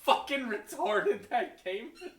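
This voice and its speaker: A man's voice: extremely high pitch, animated, unhurried, fairly bright tone, distant mic. A young man co-hosting a casual podcast chat, joking and laughing often. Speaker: podcast co-host. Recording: echoey room.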